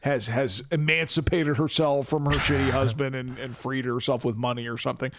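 A man's voice: mid-range voice, fairly even intonation, fairly quick, fairly bright tone, slight background noise. A man co-hosting a podcast, animatedly retelling movie scenes in casual chat and laughing often. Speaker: podcast co-host.

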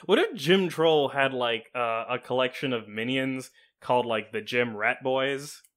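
A man's voice: medium pitch, unhurried, fairly bright tone. A man co-hosting a comedy podcast, eager and rambling, often laughing. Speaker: podcast co-host. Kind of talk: improvised comedy chat.

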